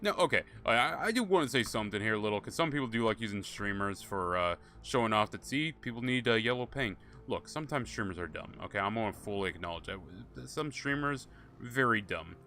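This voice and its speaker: A man's voice: on the low side, expressive, quick pace, sharp tone, faint music behind. A man streaming a game, chatting to his viewers and telling rambling, profane stories. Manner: rambling, profane, laughing storyteller. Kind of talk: casual gameplay commentary.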